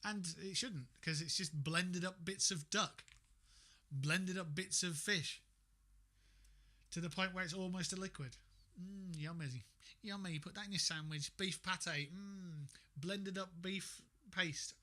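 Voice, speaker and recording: Bright, sarcastic man streaming. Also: high-pitched, normal speed. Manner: sarcastic, swears a lot, talks to himself. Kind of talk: casual gaming livestream chat.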